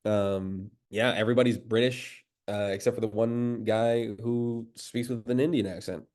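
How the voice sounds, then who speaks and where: Male voice actor guest, lowish pitch, hesitant delivery, lots of uhs and restarts. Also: fairly even intonation, normal speed, a little mellow. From United States. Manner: hesitant, many fillers and restarts. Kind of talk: casual interview chat.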